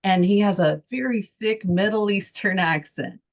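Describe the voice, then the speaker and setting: A woman's voice: medium pitch, moderate pace, creaky. A woman from Texas co-hosting a casual political talk show, speaking emphatically with many rhetorical questions. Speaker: co-host.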